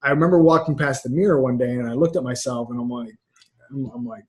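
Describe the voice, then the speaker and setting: Here a middle-aged mindset coach talks quickly, his medium-pitched voice holding a steady tone. It's a relaxed video-call interview, and he wanders and repeats himself with frank energy while a webcam about two feet away records him.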